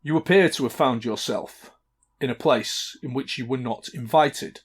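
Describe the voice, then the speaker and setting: A haughty, pompous bard in a tabletop game who speaks formally and stretches every insult out slowly, as a man puts him on. The voice sits at a middle pitch with a husky edge. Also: natural voice. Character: pompous male bard who mocks with long words.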